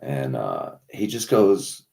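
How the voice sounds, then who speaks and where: Male host with a very deep, gravelly voice, casual and profane storyteller. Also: huge pitch swings, slow pace, mellow. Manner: rambling storyteller, profane, many fillers. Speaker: tow truck driver telling a story. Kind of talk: casual podcast chat. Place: indoors, streamed talk show.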